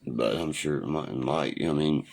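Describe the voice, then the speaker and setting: A middle-aged man rambles through a casual livestream chat on his phone, swearing freely and checking in with "you know what I mean" after nearly every thought. His voice sits extremely low, rough with heavy fry and a husky edge. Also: moderate pace, a little mellow, rough recording. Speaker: livestream host. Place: home livestream.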